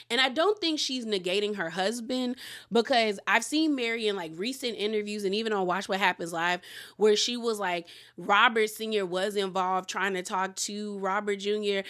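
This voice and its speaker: A woman's voice: mid-range voice, moderate pace, a bit bright. A woman recapping a reality TV episode in a casual, rambling way, acting out what the cast said. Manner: rambling storyteller, acts out the cast's lines.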